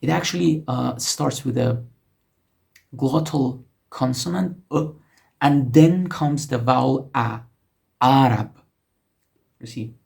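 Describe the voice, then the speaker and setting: Writing on a board as he goes, a male language teacher casually teaches letters in a slow, gravelly voice that's mid-range and a little mellow. He's patient in his explanations and frequently corrects himself.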